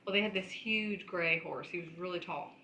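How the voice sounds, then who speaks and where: A woman's voice: lowish voice, normal speed, sharp tone. A woman co-hosting a podcast, telling family stories in a casual, chatty way and laughing easily. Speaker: podcast co-host. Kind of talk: casual storytelling chat. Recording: echoey room with faint noise.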